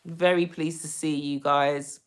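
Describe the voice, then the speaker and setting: A woman from the UK hosting a casual live stream, greeting viewers with lots of ums and gushing when she gets excited. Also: sits low, measured pace, clear, resonant tone. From United Kingdom. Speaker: livestream host.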